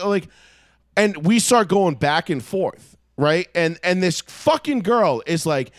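A man telling a story loudly and profanely in a casual podcast chat. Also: sits high, big pitch swings, takes it slowly, dry recording, studio quality. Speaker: podcast co-host.

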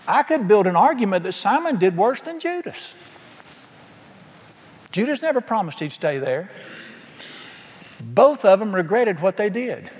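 A man's voice: high voice, sing-song, unhurried, long pauses, husky. A man preaching a sermon emphatically, asking his congregation questions. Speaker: pastor. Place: church sanctuary. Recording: long hall reverb.

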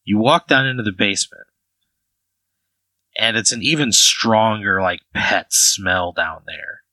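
A man's voice: fairly low pitch, measured pace, sharp tone, no echo, poor audio. A man narrating as game master in a rambling way, full of "like" fillers.

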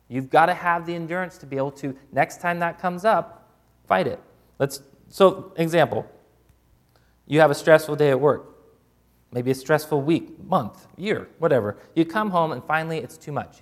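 A man preaching a conversational sermon, informal and full of restarts, who acts out quoted prayers with a voice that drops soft and low. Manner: plain, informal, with repeated restarts.

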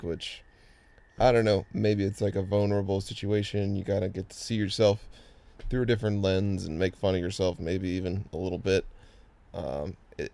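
A man hosting a casual interview, asking relaxed questions and cracking jokes. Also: low voice, creaky. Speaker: interview host.

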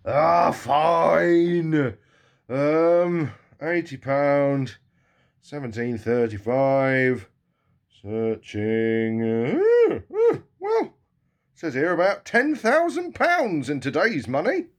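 A man's voice: on the high side, very animated, drawn-out words. A man co-hosting a comedy podcast, sulky and put-upon as the scriptwriter.

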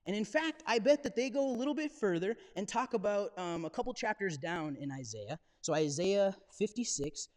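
A man's voice: high voice, lively intonation, moderate pace, few pauses. A man preaching as a pastor, in a casual, jokey storytelling way with bits of slang. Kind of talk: conversational sermon. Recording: reverberant church hall.

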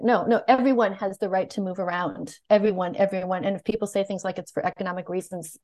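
A woman with a General American accent, speaking as an interview guest who researches media. She talks in an animated, outspoken way, thinking aloud and restarting her sentences. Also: mid-range voice, quick pace. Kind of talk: conversational interview.

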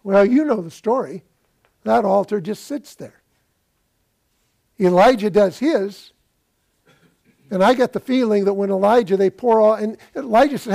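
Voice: mid-range voice, a little slow, creaky, long pauses, mellow. Preacher for a sermon: takes their time, retells scripture as a story and keeps asking the congregation questions. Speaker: pastor.

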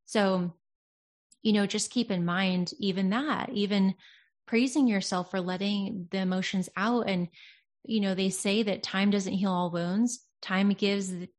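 A woman's voice: mid-range voice, steady tone, a little slow. Earnest, reflective woman in casual talk. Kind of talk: casual conversation.

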